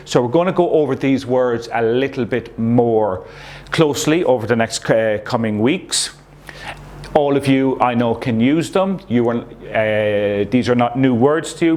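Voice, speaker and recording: A man who teaches primary school English gives a recorded lesson to young pupils, patiently explaining and pausing to check with "okay?" His mid-range voice has a darkish tone and moves at a measured pace.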